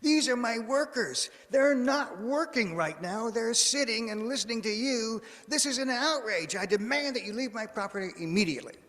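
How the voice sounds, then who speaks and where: A man voicing an angry rich farmer, shouting in a high, loud voice. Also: animated, moderate pace, hardly any pauses. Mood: outraged. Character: rich angry male farmer, blustering and indignant. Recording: long echo of a church hall.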